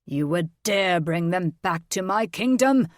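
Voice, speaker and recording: A woman voicing a blustering, hot-tempered male dragon king in an audiobook, gruff and domineering. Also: fairly low pitch, expressive, unhurried, no echo, studio quality. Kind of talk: audiobook character voice.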